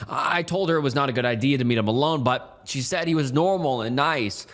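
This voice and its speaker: A man's voice: mid-range voice, big pitch swings, takes it slowly, fairly bright tone. A man voicing a scared, guilty teenage girl who stammers and keeps apologizing. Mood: tearful.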